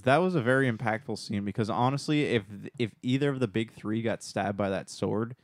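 A man with a fairly low voice co-hosting a casual podcast. He offers thoughtful opinions and often hedges them. The sound is dry and close. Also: a little fast, no room sound. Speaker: podcast co-host. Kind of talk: casual movie review chat.

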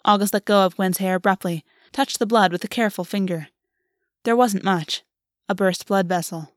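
A woman narrating a fantasy story aloud in a steady, even audiobook reading. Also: medium pitch, moderate pace, no room sound, clean studio sound.

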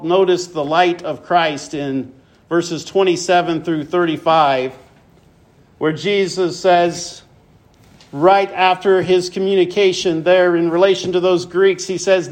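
A man delivers an expository sermon in a fairly high voice. He speaks slowly and deliberately, and his voice rises when he stresses a point. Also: steady tone. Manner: expository preaching, reads scripture aloud, rises in pitch for emphasis. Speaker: preacher.

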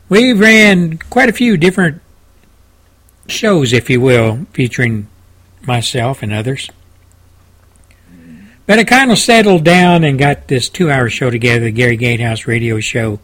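A man's voice: mid-range voice, a bit bright. A man hosting his own radio talk show, delivering a pleading political monologue full of rhetorical questions into a studio microphone. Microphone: studio microphone with headsets.

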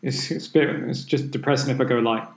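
Teasing man with quick quips. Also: medium pitch, steady tone, gravelly, reverberant. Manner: quick reactions, teasing quips, laughs often. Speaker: podcast co-host. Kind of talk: casual chat.

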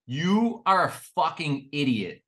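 Casting note: male co-host, blended Chicago-Boston accent, bright sharp voice, emphatic and profane. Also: fairly high pitch, big pitch swings, measured pace. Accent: mixed Chicago and Boston. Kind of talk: casual chat.

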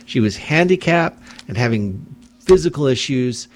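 A man's voice: medium pitch, animated, moderate pace. A man hosting a radio talk show, delivering an angry, impassioned monologue from a studio mic. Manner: angry, indignant, ranting.

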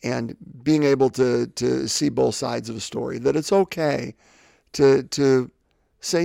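A man's voice: mid-range voice, a little slow, creaky, dark tone, no room sound, clean studio sound. A man in his fifties hosting a faith podcast, talking reflectively and often repeating words as he gathers his thoughts. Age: 50s. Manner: rambling, repeats words while thinking. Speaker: podcast host.

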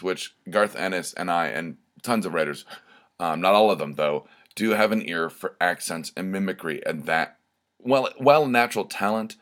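A man's voice: low-pitched, fairly bright tone. A man hosting his own podcast, talking casually and rambling with frequent ums as he thinks aloud. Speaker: podcast host. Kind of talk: casual solo podcast talk.

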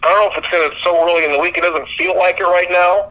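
A man's voice: high voice, fairly even intonation, very fast, sharp tone, low-quality recording. A man co-hosting a casual podcast, ranting bluntly with frequent swearing. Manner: blunt, profane, exasperated ranting. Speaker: podcast co-host. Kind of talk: casual sports podcast chat.

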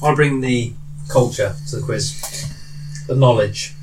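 A man's voice: medium pitch, slow, faint music behind. A man on a podcast, joking and playing along in a quiz. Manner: joking, playful. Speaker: podcast co-host and quiz player. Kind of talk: casual podcast banter. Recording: distant mic with clear background noise.

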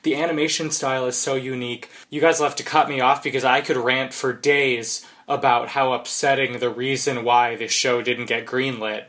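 Male podcast guest, mid pitch, keen and a bit tongue-tied. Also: flat delivery, normal speed, hardly any pauses, fairly bright tone. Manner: eager, stumbles over words. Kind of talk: casual podcast chat.

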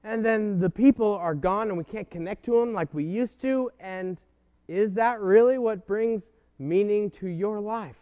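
A man preaching an earnest sermon, pausing often and posing rhetorical questions to his listeners. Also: high voice. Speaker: pastor. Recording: dull lo-fi recording.

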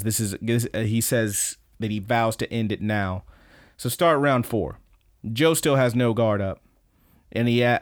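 A man co-hosting a podcast, casually recapping events in an excited play-by-play with some swearing. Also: lowish voice, no echo, clean studio sound. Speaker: podcast co-host.

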